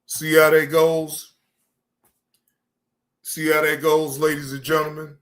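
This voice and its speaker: A man streaming, riffing in a loose, profane rant with a ring. His voice sits a little high, and he circles back over the same lines for emphasis. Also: takes it slowly. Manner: animated, profane, repeats himself for emphasis. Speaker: streamer reacting to news.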